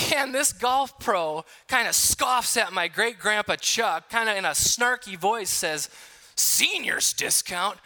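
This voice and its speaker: A middle-aged male pastor gives a conversational sermon in a church hall. His voice sits high and rings very bright. He tells stories, jokes with the room and throws questions to the congregation.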